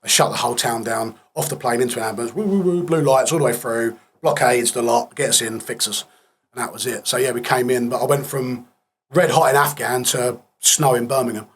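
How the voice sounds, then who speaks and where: Guest: man, 30s, husky, subdued and plain-spoken, recounting events in a casual interview. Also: mid-range voice, level tone, fairly quick, a bit bright. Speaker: podcast guest.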